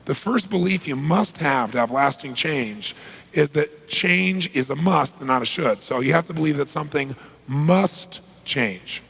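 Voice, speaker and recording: Gravelly, husky man telling a story. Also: fairly high pitch, animated, measured pace, fairly bright tone, low-quality recording. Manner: emphatic, punchy, acts out quoted exchanges. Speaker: motivational speaker. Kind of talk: motivational storytelling talk.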